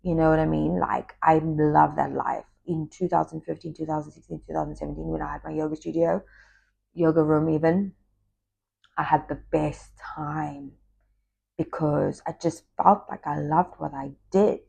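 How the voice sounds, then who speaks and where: Low gravelly woman confiding. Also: fairly even intonation, normal speed. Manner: confiding, reflective, trailing into soft whispers. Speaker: spiritual talk host, former yoga teacher. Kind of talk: casual personal monologue.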